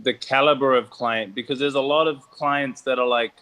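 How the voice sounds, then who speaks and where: A man's voice: mid-range voice, steady tone, moderate pace, bright, forceful tone. A man with a New Zealand accent, a tattoo artist chatting casually with friends. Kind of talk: casual chat.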